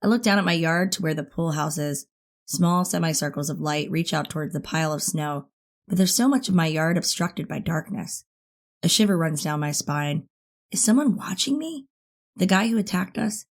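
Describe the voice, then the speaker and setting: Woman reading a teen thriller audiobook, lowish voice, close and expressive. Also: moderate pace. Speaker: audiobook narrator. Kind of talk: first-person thriller audiobook narration.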